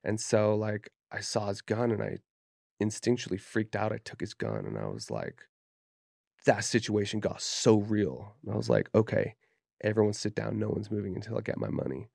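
Guy from utah spilling a wild story, low gravelly fry, swears a lot, dry close sound. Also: very animated, normal speed, a little mellow, dry recording. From Utah, USA. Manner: candid and profane, lots of fillers like "you know" and "dude". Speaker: podcast guest. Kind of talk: casual storytelling. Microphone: podcast studio mic.

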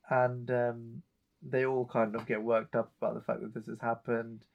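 A man's voice: mid-range voice, steady tone, a little slow, gravelly, highs cut off. Man casually recapping a TV episode. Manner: retells scenes, reading out character lines in a plain voice. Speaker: podcast co-host recapping an episode.

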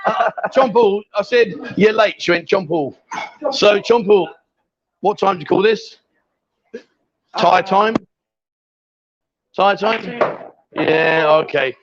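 High-voiced teasing male stream host. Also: takes it slowly, long pauses, a bit bright. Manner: teasing, chatty, calls people sweetheart. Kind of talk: lively live-stream banter. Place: bar with a pool table. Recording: dull lo-fi stream audio.

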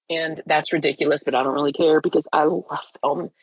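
A middle-aged woman speaks heartfelt and earnest on her podcast, stumbling and restarting as she goes. Her voice is husky and a little breathy, as if she has been crying. The sound is dry and close, with no room around it. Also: low-pitched, fairly even intonation, a little fast, dry recording, rough recording. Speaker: podcast host. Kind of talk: personal faith podcast talk.

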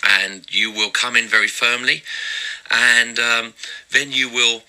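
A man voicing a stern male lion guard who gives firm, deep-voiced warnings. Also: fairly even intonation, slow, pushed and bright, rough recording. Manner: firm, instructive.

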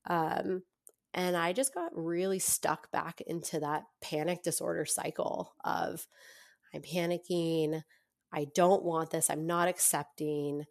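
A young adult woman telling her own story as a podcast guest, chatty, with lots of fillers and quick laughs. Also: fairly low pitch, fairly even intonation, gravelly. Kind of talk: casual storytelling in an interview.

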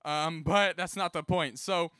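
Young male youth preacher, bright and lively storyteller, slightly higher voice, dry close sound. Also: measured pace, smooth, no room sound. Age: young adult. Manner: animated, casual, acts out quoted voices. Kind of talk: sermon with personal storytelling.

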